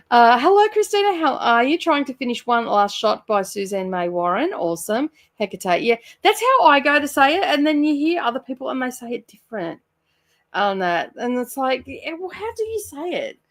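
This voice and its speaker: Sitting by her bookshelves at home, an Australian-accented channel host runs a reading sprint livestream, her high, sing-song voice moving at a moderate pace. She says hello to viewers and laughs a lot, yet comes across as sluggish and somewhat tired.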